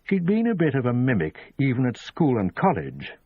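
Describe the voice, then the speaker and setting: Male audiobook reader, measured and animated in pitch; dry, lo-fi sound. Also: slightly rough, no echo. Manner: measured storytelling. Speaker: audiobook narrator. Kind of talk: scripted narration.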